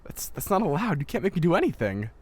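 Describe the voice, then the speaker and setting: A man's voice: lowish voice, animated, moderate pace. A man voicing a principled, underage girl trainee in a game let's-play, protesting and indignant. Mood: defiant. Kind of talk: amateur let's-play voice acting.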